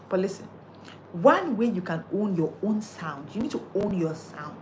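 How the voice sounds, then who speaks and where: A woman's voice: medium pitch, sing-song, normal speed, darkish tone, slight background noise. A woman, coaching listeners on how they speak, emphatic and repetitive as she drives each point home. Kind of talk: motivational coaching talk.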